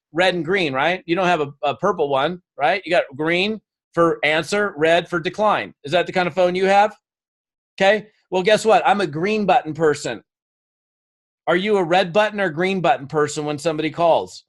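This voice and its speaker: This motivational speaker, a man whose voice is somewhat high with a fairly bright tone, addresses a live seminar crowd energetically and coaxingly, urging them to act. While storytelling, he slips into quick acted quotes.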